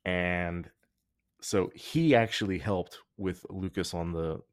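Slow-paced and very low-voiced, this male podcast host keeps things loose and jokey, frequently drifting off mid-thought before restarting. The audio is dry and close-miked, with no surrounding room sound.

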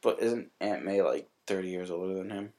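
A man's voice: deep voice, normal speed, warm tone. A man chatting as a podcast guest, playful and teasing. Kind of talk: casual chat.

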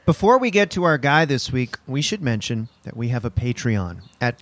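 A man co-hosting a casual comedy podcast, jokey and animated, laughing often. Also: mid-range voice, a little slow, no echo. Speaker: podcast co-host.

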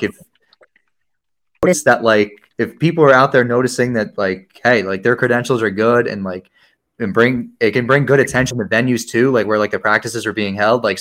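A man with a New York accent hosts a casual sports podcast. He chats loosely, laughs a lot and leans on "like" as a filler, at an everyday middle pitch. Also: a bit bright. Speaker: podcast host. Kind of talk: casual chat.

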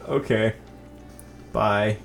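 A man hosting a casual gaming podcast, chatty and quick to laugh. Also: fairly low pitch, fairly even intonation, vocal fry, soft background music. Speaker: podcast host.

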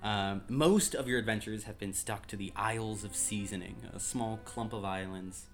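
Man, low voice, game master narration, filler-heavy, faint music. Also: normal speed. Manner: relaxed, many ums while describing.

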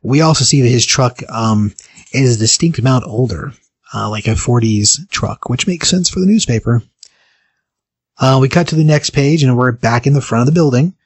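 A man's voice: mid-range voice, moderate pace, breathy edge, no room sound. A man casually retelling a story as host, rambling with many fillers.

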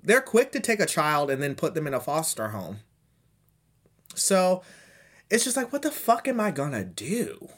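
A man's voice: on the high side, wildly swooping pitch, normal speed. A man in his thirties, a podcast host rambling through a profane, self-mocking comedic monologue. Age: 30s.

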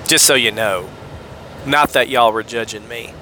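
A man's voice: medium pitch, a little fast, bright, forceful tone, slight background noise. A man from Georgia, hosting a podcast and commenting on scripture in a fired-up, sarcastic way with rambling asides. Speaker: podcast host.

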